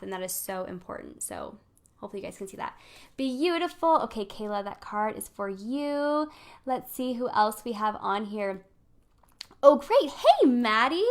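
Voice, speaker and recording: A woman hosting a live weekly card pull, chatting and coaching her viewers in a bubbly, encouraging way and laughing often. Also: mid-range voice. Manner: encouraging, speaks directly to viewers. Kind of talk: live-streamed casual spiritual coaching.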